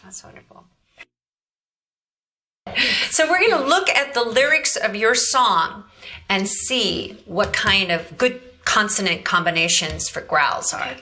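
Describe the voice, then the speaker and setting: Bright-voiced woman vocal coach. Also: medium pitch, animated, a little slow. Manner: directive, demonstrates growls and coaxes the student. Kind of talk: instructional demonstration.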